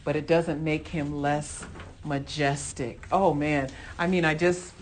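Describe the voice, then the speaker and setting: Fervent low-voiced woman leading Bible study. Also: steady tone, slow, a little hiss or hum. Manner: fervent, exclaims "oh, man" often. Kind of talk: informal Bible study talk.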